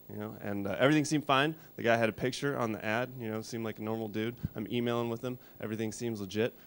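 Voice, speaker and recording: Dry, deadpan man in his thirties. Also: medium pitch, slight background noise. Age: 30s. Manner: dry, deadpan delivery with restarts. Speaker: stand-up comedian. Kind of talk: stand-up comedy set. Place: music studio.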